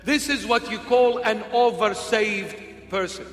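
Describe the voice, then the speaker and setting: A man's voice: high voice, slow. A man preaching a humorous, conversational sermon, slipping into playful impressions. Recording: echoey hall with faint music.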